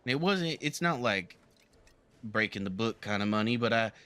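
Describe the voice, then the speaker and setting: A man playing a talkative southern gentleman from the bayou, with a Southern twang, rambling earnestly through a live game roleplay. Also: fairly low pitch, lively intonation, moderate pace. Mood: reminiscing.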